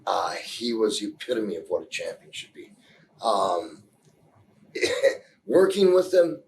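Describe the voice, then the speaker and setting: A pro wrestler in a casual interview, speaking in a wry, joking way. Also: male voice, on the low side, sing-song, takes it slowly, gravelly, rough recording.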